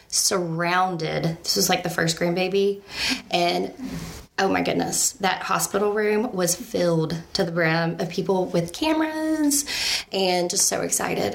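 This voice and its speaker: A woman's voice: lowish voice, vocal fry. A woman, telling her family story in a chatty, casual way, often laughing and saying um. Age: 30s.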